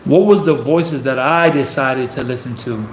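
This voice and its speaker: A man's voice: mid-range voice, normal speed, slight background noise. Intense fired-up man, echoey room. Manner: intense, repetitive, builds to emphatic peaks. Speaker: professional basketball player giving motivational talk. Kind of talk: motivational speech.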